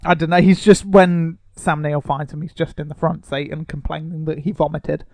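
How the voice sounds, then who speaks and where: A man's voice: a little high, flat delivery, moderate pace, a little mellow, dry recording. A man co-hosting a casual podcast, sarcastic and mock-indignant. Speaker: podcast co-host.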